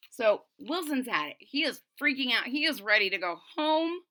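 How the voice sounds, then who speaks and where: A woman reading a picture book aloud to children, pausing to explain the story. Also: fairly high pitch, very animated, bright, forceful tone. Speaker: storybook reader.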